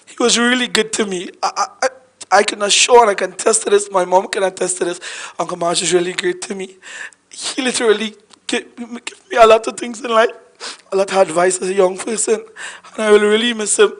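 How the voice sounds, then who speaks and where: A man with a Trinidadian accent speaks at a funeral gathering, his voice hoarse and pitched fairly high. He rambles warmly through an unprepared eulogy, often restarting and repeating his words. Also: fairly even intonation, a little fast. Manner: heartfelt, rambling, repeats himself. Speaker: family member giving a eulogy. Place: funeral gathering at a family home.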